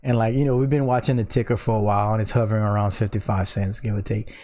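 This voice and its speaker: A man's voice: on the low side, little pitch movement, quick pace, dark tone. A man, hosting a casual crypto live stream, tired from lack of sleep, rambling and laughing. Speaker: crypto livestream host.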